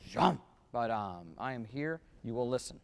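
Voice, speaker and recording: A man's voice: mid-range voice, expressive, moderate pace, vocal fry. A man coaching a wind band in rehearsal, giving notes and singing phrases to show how they should sound. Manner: sings phrases to demonstrate. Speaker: band clinician. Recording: long hall reverb.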